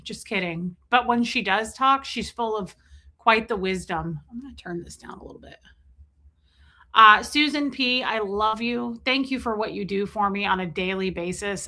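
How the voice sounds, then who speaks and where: A woman's voice: mid-range voice, sharp tone. A woman hosting a casual livestream, chatting and joking as she reads out viewers' names. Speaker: livestream host.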